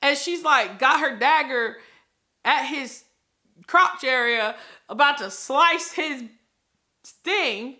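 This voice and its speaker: A young woman chatting casually in a reading vlog, animated and laughing as she acts out her reactions. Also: high-pitched, measured pace. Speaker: book vlogger.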